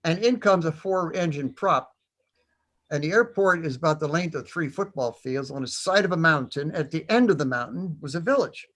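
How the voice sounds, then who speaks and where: A man's voice: a little high, lively intonation, moderate pace, a bit bright. An older man, a veteran on a panel, telling rambling anecdotes with many fillers and chuckles. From United States. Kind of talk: storytelling on a panel.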